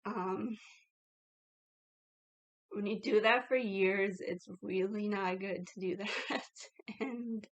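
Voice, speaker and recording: A woman speaks slowly and reflectively to her camera in a casual confessional vlog. Her voice sits at an ordinary middle pitch, and she scatters "like" fillers through her talk. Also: steady tone, highs cut off. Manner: reflective, heavy "like" fillers, laughs between thoughts. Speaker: YouTuber.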